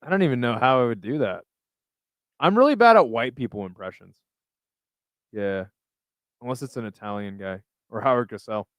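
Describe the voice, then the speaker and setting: This livestream host reads chat aloud and responds casually, keeping things relaxed and swearing a lot. His voice sits in the mid range with a clean tone. The audio is dry and studio quality.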